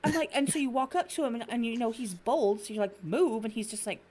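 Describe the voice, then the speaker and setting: A woman's voice: on the high side, fast. A woman in her thirties, hosting a podcast, telling stories in casual chat and swearing freely. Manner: animated storyteller, swears freely. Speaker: podcast host.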